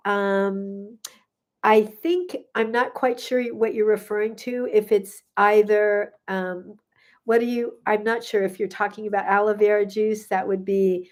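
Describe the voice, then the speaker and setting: A woman's voice: medium pitch, a little mellow. An older woman, a gut health coach, chatting casually on a live stream, answering viewer questions with frequent fillers and laughter.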